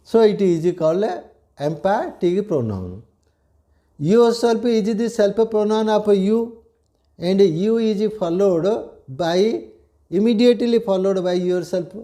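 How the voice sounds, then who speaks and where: A man's voice: sits high, expressive, slow, warm tone. An older man with an Odia accent, a retired headmaster giving a classroom grammar lecture, repeating key phrases and checking that students understand. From India.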